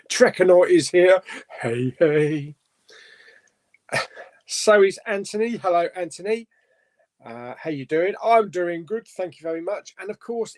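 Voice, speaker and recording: A man hosting a casual live stream chat, reading out viewer comments and chatting about them. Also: medium pitch.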